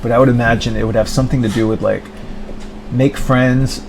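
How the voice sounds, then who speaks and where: A man's voice: medium pitch, fairly even intonation, fairly quick, vocal fry, background noise. A man ranting in a rambling monologue, full of filler words and mocking impressions of other people. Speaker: vlogger.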